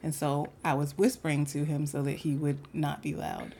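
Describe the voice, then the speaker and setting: A woman's voice: low-pitched, flat delivery, moderate pace, dark tone, slight background noise. A woman co-hosting a casual podcast, telling funny stories about her children and laughing often. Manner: laughs often while storytelling. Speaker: podcast co-host, mother. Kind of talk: casual chat.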